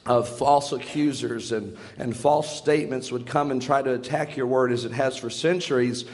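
A man preaching as pastor, praying and then starting a sermon, earnest and halting, with restarts and fillers. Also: medium pitch, fairly even intonation, darkish tone. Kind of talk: prayer and sermon. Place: church sanctuary.

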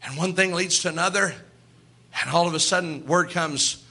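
A man's voice: high voice, moderate pace, bright, forceful tone. A man preaching a sermon, telling Bible stories and acting out the characters' voices, building up with emphatic repetition. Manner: storytelling, acts out Bible characters in quoted voices.

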